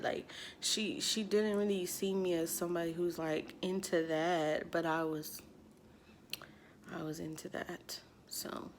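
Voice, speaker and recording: A young woman vlogger casually telling a personal story, slangy and animated, acting out what people said with lots of "like.". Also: lowish voice, a little hiss or hum. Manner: slangy, animated quoting, many "like"s.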